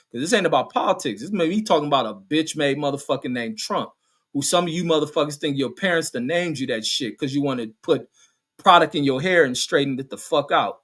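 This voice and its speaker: Viewer comments get read aloud by this middle-aged stream host, who then lashes back in an angry, profane tirade laced with slang. His voice is a little high and fairly bright in tone.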